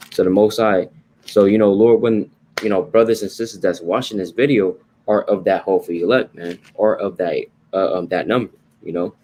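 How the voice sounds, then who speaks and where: A man's voice: lowish voice, a little mellow, slight background noise. A man teaching the Bible in a conversational sermon style, informal and repetitive, often checking in with "right?" and "you know". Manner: informal, repeats points, tags lines with "right?" and "you know".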